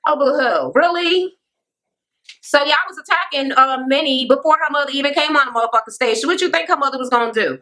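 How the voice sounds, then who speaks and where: Woman vlogger, bright tense tone, slightly high, blunt swearing rant style. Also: quick pace, low-quality recording. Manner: blunt, sassy and heavily profane; sarcastic asides to the viewer. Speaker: reality TV recap vlogger. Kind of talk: casual ranting recap.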